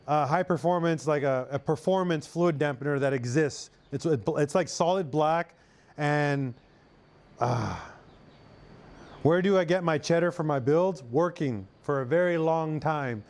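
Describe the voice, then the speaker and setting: With a slightly high, smooth voice and a darkish tone, a young adult man streams as a mechanic and answers viewers. He's from Arkansas, speaks with a Southern US accent, and keeps things loose and chatty, drawling "y'all."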